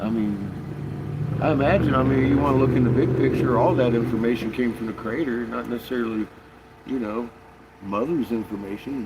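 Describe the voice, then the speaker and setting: A man's voice: mid-range voice, background noise. A man talking casually in a rambling monologue, swearing often and restarting his sentences. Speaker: conspiracy vlogger.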